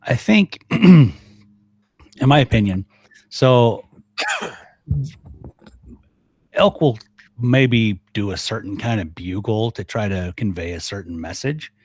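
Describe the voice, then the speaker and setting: An older man, a guest on a podcast, talking casually and lively, mimicking sounds as he explains. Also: on the low side, slow pace, long pauses, dry recording. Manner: animated, mimics elk bugles and voices. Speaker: guest, elk calling expert.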